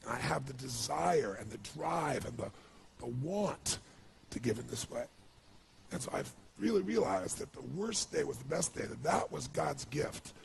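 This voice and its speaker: Gravelly man telling an emotional story. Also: medium pitch, expressive, moderate pace, noisy background. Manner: earnest, storytelling, frequent "you know". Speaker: motivational speaker.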